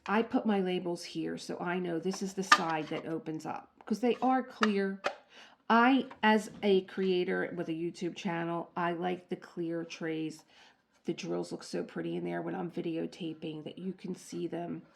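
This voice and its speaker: A middle-aged woman talks through an unboxing in an easy, chatty way, addressing the viewer directly. Her voice sits a little low with a gravelly fry running through it. Faint noise hums under the recording. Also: fairly even intonation, unhurried. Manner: chatty, laughs at herself, talks straight to the viewer. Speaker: diamond painting channel host. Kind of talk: casual unboxing demonstration.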